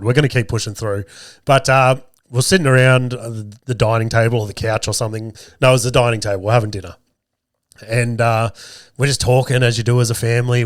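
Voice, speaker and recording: A man's voice: mid-range voice, no room sound, clean studio sound. A man in his thirties with a strained, sore throat, rambling through a profane, self-mocking story as a podcast host. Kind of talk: casual storytelling monologue.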